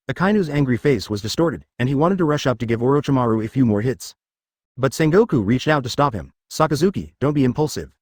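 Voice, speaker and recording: A man reading a fan story aloud as narrator, in an even, stiff delivery. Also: medium pitch, no echo, clean studio sound.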